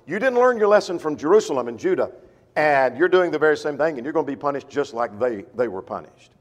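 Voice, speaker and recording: A man teaching a verse-by-verse Bible class, reading scripture slowly and with emphasis, then explaining it in a conversational way. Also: a little high, lively intonation, in a large hall. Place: church.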